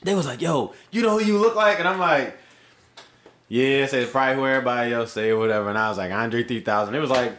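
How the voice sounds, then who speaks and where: A man's voice: medium pitch, fast, fairly bright tone, roomy sound. A man co-hosting a casual podcast chat, telling stories animatedly and laughing often. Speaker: podcast co-host.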